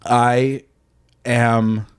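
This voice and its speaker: A man's voice: mid-range voice, smooth. A man in his thirties from Canada, hosting a podcast and telling a story in casual, profane chat, acting out the quotes. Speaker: podcast host.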